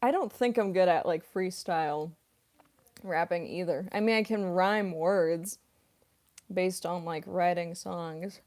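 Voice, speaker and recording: A woman's voice: lowish voice, measured pace, a little mellow. A young woman, a voice actress and singer, answering viewer questions in a rambling, casual livestream chat full of fillers and giggles.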